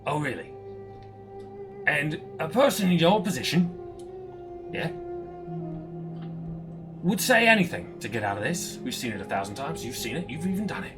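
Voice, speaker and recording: A man's voice: fairly high pitch, big pitch swings, moderate pace, pauses often, music in the background, voice pushed up. A man doing a sneering cruel pirate captain. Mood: menacing. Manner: sneering, mocking threats. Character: menacing male pirate captain, cruel and taunting.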